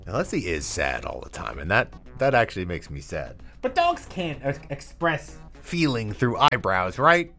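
A man's voice: lowish voice, huge pitch swings, moderate pace, creaky, hardly any pauses, sharp tone, soft background music. A man hosting a radio show in a studio, chatting in a playful, meandering way and talking to his dog between songs. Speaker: radio host. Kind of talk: rambling late-night radio chat. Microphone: studio mic set too far off, with echo effect.

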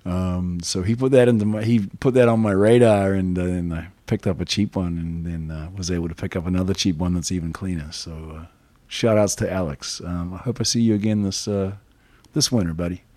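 A man from New Zealand hosts a record show with loose, chatty patter between songs. His voice sits low, and the sound is dry and close with no room around it. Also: a little fast, no room sound. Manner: relaxed, rambling, chatty. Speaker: radio DJ.

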